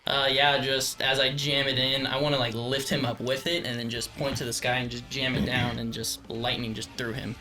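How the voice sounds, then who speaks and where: A man's voice: mid-range voice, level tone, normal speed, hardly any pauses, loud music behind the voice. A man playing a tabletop game, with easygoing, bemused banter. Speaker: player. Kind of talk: casual tabletop play.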